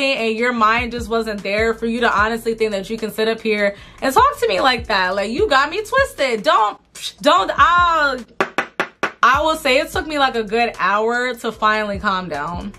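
A young woman with a bright, tense voice, a little higher than most, tells an exasperated storytime while getting ready at home. She talks in slang, loops back on herself and repeats lines for emphasis. Soft music sits faintly under her. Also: expressive, moderate pace. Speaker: beauty vlogger. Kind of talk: storytime chat while doing makeup.

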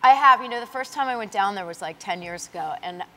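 A woman's voice: mid-range voice, quick pace. A woman with a New York accent, a talk show guest chatting casually and acting out quotes as she tells stories. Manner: animated storyteller, acts out quotes. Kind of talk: casual chat. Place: TV studio with audience. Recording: studio audience and noise.

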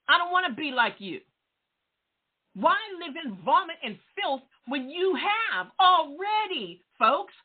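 A woman pastor preaching a fervent sermon, peppering her talk with "Amen" and questions to her listeners. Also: sits high. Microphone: phone line, radio call-in show. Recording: tinny phone-line sound.

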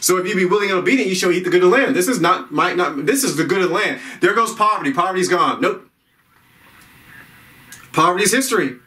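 A man's voice: sits high, expressive, fast, bright, forceful tone, recorded from a distance. A man preaching an informal sermon, rambling, repeating himself and restarting his sentences.

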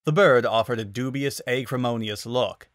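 A man narrating a fan-fiction story as a dramatic reading, in a measured, expressive manner. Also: mid-range voice, no echo, clean studio sound.

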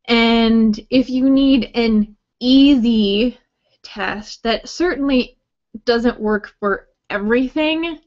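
Slow-speaking woman teaching grammar. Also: medium pitch, dull audio. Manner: friendly, explanatory, light joking asides. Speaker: writing workshop teacher. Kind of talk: recorded grammar lesson talk.

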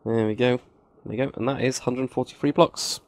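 Brief: male tutorial host, gravelly voice, dry close sound, chatty and self-mocking. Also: mid-range voice, steady tone, normal speed, dry recording. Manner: counts blocks aloud, chatty asides, self-mocking. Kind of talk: casual screen-recorded building tutorial.

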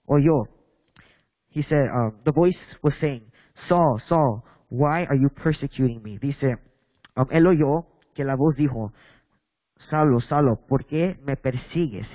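Halting bilingual preacher man, higher voice. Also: no room sound, long reverb tail, narrow, tinny audio. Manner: halting, switches between English and Spanish mid-sentence; questions the congregation directly. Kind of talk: bilingual sermon with scripture reading. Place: church.

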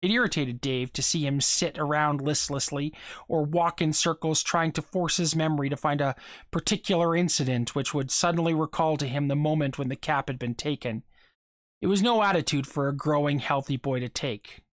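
Story narrator, class read-aloud, steady, measured, mid pitch, dry close sound. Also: no echo.

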